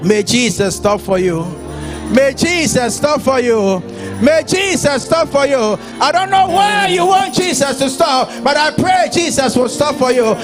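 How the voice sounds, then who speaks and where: A man preaching a sermon as pastor, moving from speech into shouted and sung passages. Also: very high voice, lively intonation, a little slow, music in the background.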